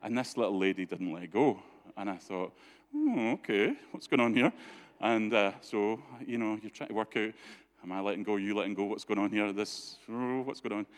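A man gives a church talk full of stories. He is chatty and often laughs, and he restarts his sentences a lot. His voice sits a little low. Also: fairly even intonation, fairly quick, hardly any pauses. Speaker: church speaker. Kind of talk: anecdotal storytelling talk.

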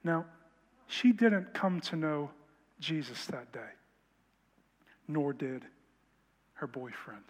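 Guy preaching a story, kinda high voice, big echoey hall. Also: takes it slowly, long pauses. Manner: animated storyteller, drops to quiet intensity. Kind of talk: sermon testimony storytelling. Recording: long hall reverb.

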